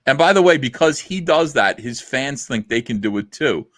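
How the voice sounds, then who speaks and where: A man's voice: medium pitch, animated, moderate pace, a bit bright, no room sound, studio quality. A middle-aged man hosting a casual livestream chat, rambling and blunt with lots of fillers. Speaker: livestream host.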